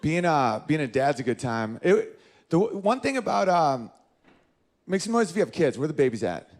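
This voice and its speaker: A man's voice: a little high, normal speed. A man from northern New York performing a stand-up comedy set on a club stage, telling stories and acting out the voices of the people in them. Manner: animated storytelling, acting out voices in quotes.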